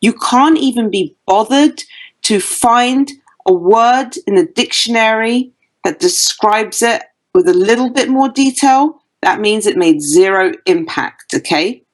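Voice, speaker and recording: A British woman with a slightly high, animated voice appears as a dating coach on an interview podcast, speaking at a measured pace on a rough recording. Her advice is blunt and emphatic.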